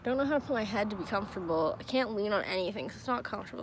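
A woman's voice: mid-range voice, lively intonation, rapid-fire, a little hiss or hum. A young woman vlogging casually, whiny and complaining, talking with a sore mouth from new braces. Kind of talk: casual vlog talk to camera.

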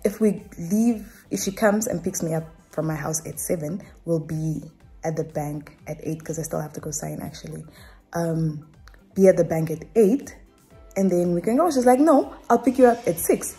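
A woman's voice: low-pitched, moderate pace, warm tone, soft background music. A young Namibian woman with a Namibian accent, talking to camera at home in an emotional, rambling vlog. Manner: emotional, rambling, fillers and restarts. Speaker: vlogger. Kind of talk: casual vlog talk to camera. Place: at home indoors.

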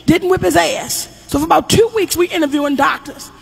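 A middle-aged woman comedian telling a long, loud, profane stand-up story, acting out the people she quotes. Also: high voice, brisk, gravelly.

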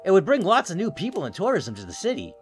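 A man's voice: high-pitched, huge pitch swings, quick pace, faint music behind, pitched above the performer's own voice. A man doing a prim eager young collector. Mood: courteous. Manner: politely persuasive, overly formal. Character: eager young male debt collector, polite. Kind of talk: voicing game dialogue.

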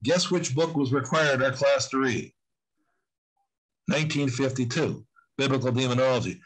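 A man's voice: medium pitch, moderate pace, husky, rough recording. A man in his sixties, a guest in an interview, talking earnestly and rambling with frequent restarts. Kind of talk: conversational interview talk.

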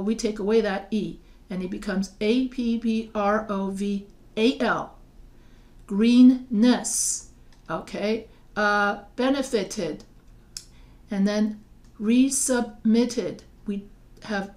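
A woman's voice: mid-range voice, darkish tone. Woman teacher walking through spelling rules, patient, lots of restarts, spells words out. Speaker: writing teacher. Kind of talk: recorded lecture over slides.

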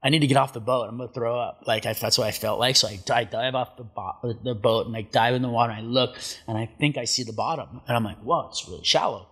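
Middle-aged guy telling a crazy story on a podcast, husky voice, middle pitch, lots of likes. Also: quick pace, few pauses. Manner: animated storyteller, acts out quotes, many filler likes. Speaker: guest, surfer. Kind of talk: casual storytelling.

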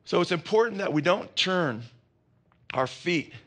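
A man preaching a sermon as pastor, impassioned and climbing to high emphatic peaks, asking the congregation questions and answering them himself, with rambling asides. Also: animated, measured pace, fairly bright tone.

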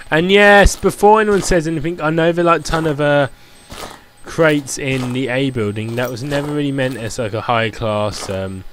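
A man's voice: mid-range voice, slight background noise. A man giving casual, rambling commentary while playing a building game, chatty and full of "like" fillers. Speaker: gameplay commentator.

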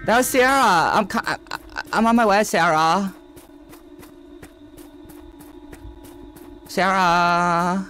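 A ditzy young female college student with a bubbly Valley Girl drawl, as a man puts her on for a game playthrough. She swoops up and down with every line, high and lively. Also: a little slow, slight background noise. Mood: panicked. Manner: breathless ditzy valley-girl speech, lots of "like".

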